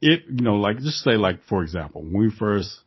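A laid-back man with a low, husky voice chats casually and laughs easily. He tells stories at an even, calm keel. The recording sounds dull and lo-fi. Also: fairly quick. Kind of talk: casual conversation.

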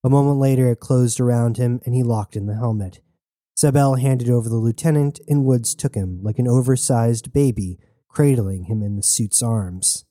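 A male audiobook narrator with a dark voice reads scripted narration at medium pitch and normal speed. The recording is dry and clean, with studio sound.

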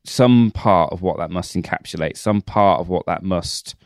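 Reflective man with a low voice. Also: moderate pace, clean tone, no echo, studio quality. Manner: detailed, reflective retelling with many restarts. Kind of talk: casual film discussion.

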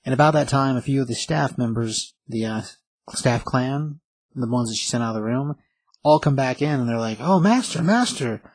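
A man's voice: mid-range voice, steady tone, normal speed, no echo, low-quality recording. A man casually recapping a comic book story, rambling with lots of fillers and restarts.

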